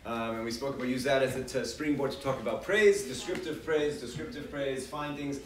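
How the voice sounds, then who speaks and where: A man's voice: medium pitch, steady tone, brisk, recorded from a distance. A man teaching a parenting class, talking in a chatty way with audience questions, often repeating and restarting his words. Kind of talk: casual lecture with audience questions. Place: large hall with an audience. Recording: echoey hall recorded from afar.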